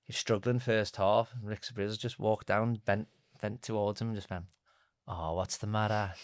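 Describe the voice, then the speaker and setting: A man's voice: on the low side, little pitch movement, normal speed. A man, telling football anecdotes in a chatty, laughing podcast conversation. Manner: chatty, laughing storyteller who reads out stories sent in. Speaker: podcast co-host.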